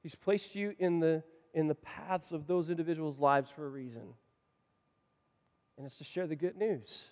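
A man preaching a sermon as pastor, swinging between loud passionate lines and quiet ones. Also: on the high side, moderate pace, in a large hall.

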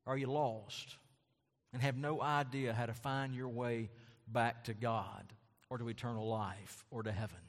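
A male pastor delivers a fervent sermon in a church sanctuary, his mid-range voice carrying a long reverb tail. He repeats key phrases and climbs into loud, soaring emphasis. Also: steady tone, measured pace. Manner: impassioned preaching, repeating phrases, rising to loud high emphasis.

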